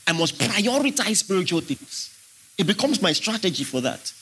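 A man's voice: high voice, sing-song, normal speed, a bit bright, breathy edge. A man preaching a sermon, emphatic and questioning his congregation as he teaches. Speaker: pastor.

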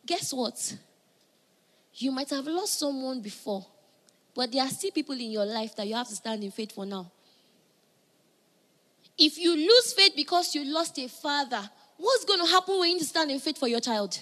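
Woman, sermon, high voice, bright tone, loud calls and hushed asides. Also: expressive, normal speed, pauses often. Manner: swings from loud emphatic calls to soft near-whispers. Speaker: preacher.

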